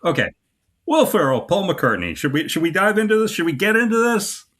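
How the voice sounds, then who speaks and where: A man's voice: sits high, big pitch swings, fairly quick, a bit bright. A man co-hosting a comedy podcast, recapping sketches with dry, wry banter. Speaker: podcast co-host. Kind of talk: casual comedy podcast chat.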